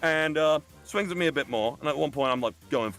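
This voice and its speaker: A man from England with a Birmingham accent tells a long, animated story with plenty of swearing and acts out the voices of the people in it. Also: a little high, fairly quick, faint music behind. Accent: Birmingham English. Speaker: guest telling a story. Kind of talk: animated storytelling on a live stream. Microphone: video call or streaming mic.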